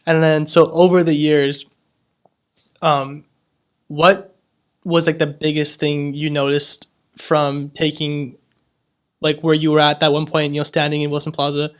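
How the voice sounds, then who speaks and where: A young adult podcast host who asks loose, rambling questions and fills pauses with "um" and "like.". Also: mid-range voice, level tone, clear, resonant tone. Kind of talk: casual interview chat.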